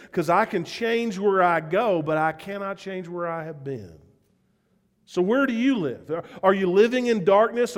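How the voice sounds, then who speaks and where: A pastor with a Southern US accent preaches in a high, light voice, earnest and emphatic. He keeps turning to the congregation with direct questions. His words ring out with a long church-hall reverb. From Southern United States. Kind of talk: conversational sermon.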